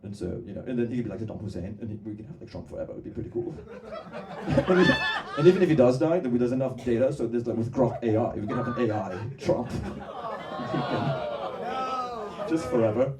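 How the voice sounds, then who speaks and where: A man's voice: mid-range voice, lively intonation, a little fast, roomy sound. A man doing a stand-up comedy set on a club stage, rambling through tangents and laughing at his own jokes. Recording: distant mic, noisy live room.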